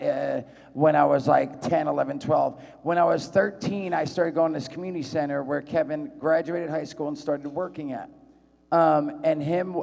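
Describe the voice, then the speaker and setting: A man's voice: fairly high pitch, vocal fry. A man, telling rambling, profane stories at a convention panel. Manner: profane, rambling, animated voices in quotes. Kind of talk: storytelling to a live audience. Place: large convention hall. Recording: long hall reverb.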